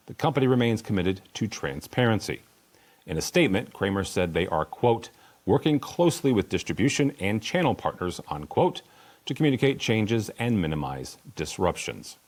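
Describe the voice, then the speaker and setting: A man hosting a podcast, reading industry news in a steady scripted delivery. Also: low-pitched. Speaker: host.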